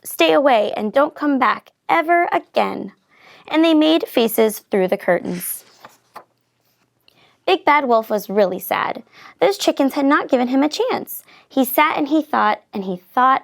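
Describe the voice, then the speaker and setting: A woman's voice: high-pitched, vocal fry. Woman reading a picture book aloud. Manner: expressive, lively storytelling. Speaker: reader.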